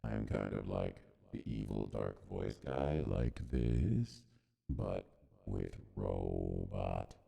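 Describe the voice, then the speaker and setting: A menacing robotic villain voice growls out very low and thick with gravel. The words come slowly, with a dark, muffled tone and a long, hanging reverb. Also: male voice, heavily acted. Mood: playful. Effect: deep robot voice changer.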